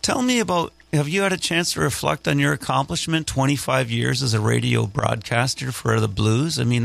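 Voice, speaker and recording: Male interviewer, deep fry in the voice, middle pitch, friendly, long questions. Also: a bit bright. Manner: friendly, laughs often, asks long questions. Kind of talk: casual interview.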